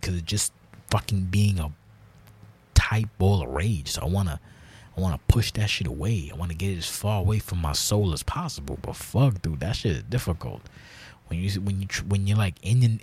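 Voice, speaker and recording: A man's voice: low-pitched, lively intonation, moderate pace, darkish tone, husky. A man hosting a casual solo podcast monologue, rambling and blunt with heavy swearing, grouchy in tone. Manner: self-described grouchy, blunt. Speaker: podcast host.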